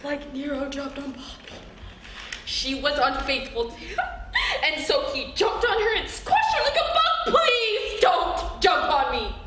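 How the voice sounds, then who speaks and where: Woman as a jittery, prim young accountant, high and swooping, classroom scene. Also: animated, a little slow. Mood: hysterical. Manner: fussy, prim, then shrill hysterics. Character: timid nervous young male accountant. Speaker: acting student. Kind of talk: acting-class scene performance. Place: acting class room. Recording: echoey room, far mic, light noise.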